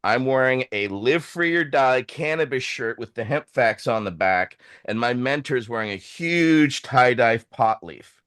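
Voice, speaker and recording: A man spins a long anecdote in loose podcast chat, cursing freely and slipping into the voices of the people in his story. His pitch leaps high and drops low as he acts things out. The sound is dry and close, with no room around him. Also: measured pace, clear, resonant tone, dry recording. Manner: animated, profane, acts out quoted voices.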